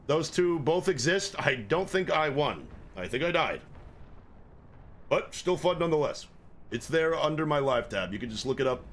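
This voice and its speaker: A man streams a game live, cursing in frustration and chatting with his viewers as he gives gameplay commentary. His voice is slightly high, expressive, and fairly bright at a normal speed, with a little hiss or hum in the audio. He comes across as profane and exasperated.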